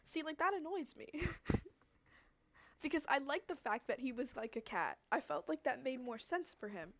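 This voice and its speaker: A woman's voice: high voice, animated, normal speed. Chatty young woman with a scratchy throat. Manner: rambling, laughs often, trails off. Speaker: streamer chatting with viewers. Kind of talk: casual chat while drawing.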